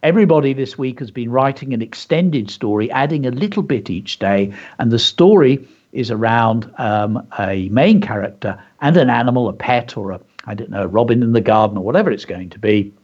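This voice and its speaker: A man's voice: mid-range voice, animated, fairly quick, hardly any pauses, a little mellow, breathy edge. A man hosting a children's radio lesson, reading his story aloud with enthusiastic, chatty asides. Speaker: teacher and radio show host. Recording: dull lo-fi radio audio.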